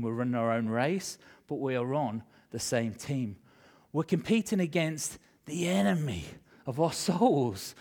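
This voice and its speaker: Preaching a sermon, this middle-aged male pastor recounts a personal story with lively emotion, alternating between booming and quiet moments. His voice leans toward the high side.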